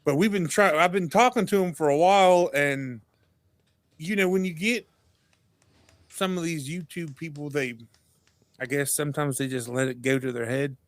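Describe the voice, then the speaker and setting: Male podcast guest, lively storyteller who acts out quotes, slightly high voice, dry close mic. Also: moderate pace, pauses often, no room sound. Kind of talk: casual chat.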